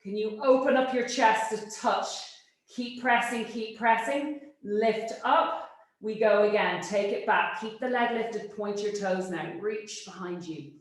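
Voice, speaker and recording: A woman instructor talks a class through a Pilates workout, her cues brisk and encouraging. She often checks in with a quick "yes?". The studio is very echoey. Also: a little high, a bit bright. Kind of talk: cueing an exercise class. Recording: very echoey room.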